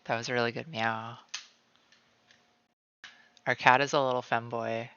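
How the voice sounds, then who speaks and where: A man's voice: medium pitch, level tone, unhurried, pushed and bright, muffled recording, slight background noise. A man streaming from home while he draws, rambling casually with lots of "like" and calling himself by name in the third person. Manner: rambling, many "like" fillers. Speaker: streamer drawing live. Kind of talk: casual chat while drawing. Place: at home, cat nearby.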